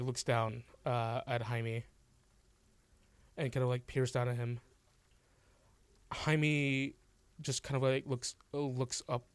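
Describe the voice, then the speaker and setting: A man narrating a tabletop game as game master, halting and full of fillers and restarts. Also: medium pitch, no room sound.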